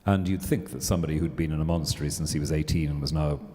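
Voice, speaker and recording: A man speaking on a panel in a measured, reflective way. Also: a bass voice, mellow. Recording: hall reverb.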